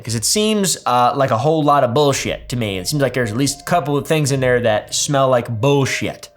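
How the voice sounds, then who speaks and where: Male commentary host, casual storyteller, sarcastic and a bit profane, mid-range voice. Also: medium pitch. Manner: sarcastic asides, swears, restarts mid-sentence.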